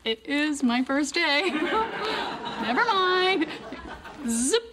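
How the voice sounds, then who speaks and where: A woman's voice: extremely high pitch, very animated, very slow, a loud crowd, exaggerated voice. An actress playing an earnest young woman, a rookie colorist, who rambles nervously with many restarts in a 1990s sitcom. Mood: anxious. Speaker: comic-book colorist. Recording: noisy old TV audio.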